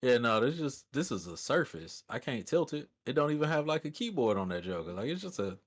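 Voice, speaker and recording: A man's voice: medium pitch, very animated, brisk. A man co-hosting a casual podcast from his laptop, easygoing and wry in his banter. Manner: laid-back, easygoing, wry. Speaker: podcast co-host. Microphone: built-in laptop mic.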